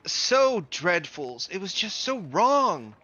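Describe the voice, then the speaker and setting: Man playing a fluttery old townswoman clerk, high and drawn-out, forgetful, bright, a bit muffled. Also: big pitch swings, heavily acted. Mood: mournful. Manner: slow, sighing, sing-song. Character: gray-haired old woman town hall clerk, doting and forgetful. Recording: dull lo-fi audio.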